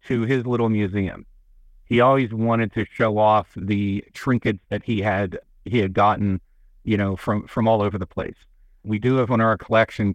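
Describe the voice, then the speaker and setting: A man with a fairly low voice talks through a local museum's collection on a radio interview, rambling and folksy, often restarting his sentences. The sound is close and dry, with no room ring. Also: no echo, muffled recording. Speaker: museum representative. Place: radio studio. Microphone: studio microphone.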